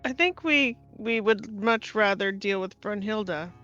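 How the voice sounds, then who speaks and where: A woman's voice: medium pitch, measured pace, a bit bright. A woman playing a tabletop game who keeps asking needling questions. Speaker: player. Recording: dull lo-fi audio with faint music.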